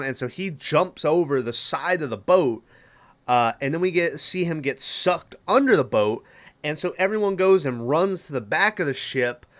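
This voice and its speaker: A man hosting a podcast, recapping a film plot in a casual, rambling way, swearing freely and filling pauses with "uh" and "you know". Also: a little high, a bit bright. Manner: profane, rambling, lots of fillers. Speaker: podcast host.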